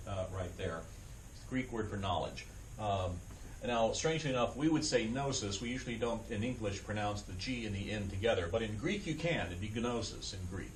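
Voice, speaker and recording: In a church classroom, a man with a fairly low voice gives an adult education lecture, explaining things step by step. He says "um" and "uh" a lot and asks whether it makes sense. There's a little hiss or hum.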